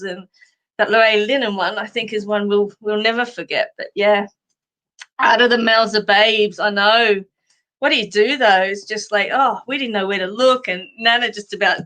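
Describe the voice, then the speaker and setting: With a medium-pitched, fairly bright voice, this middle-aged Australian live streamer chats casually. She meanders through funny stories and laughs often.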